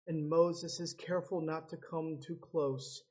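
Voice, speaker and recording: Man, preacher, sermon, high voice, unhurried, impassioned, loud pleading to hushed, slightly muffled recording. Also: little pitch movement. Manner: impassioned, swings from loud pleading cries to low hushed tones. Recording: slightly dull lo-fi sound.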